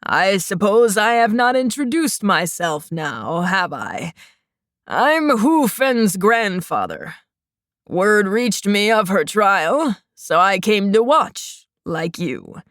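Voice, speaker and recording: A woman's voice: mid-range voice, sing-song, slow, fairly bright tone, no room sound, clean studio sound. A woman voicing a creepy old grandfather with a wheezing, rattly voice and a wheedling, grumbling manner.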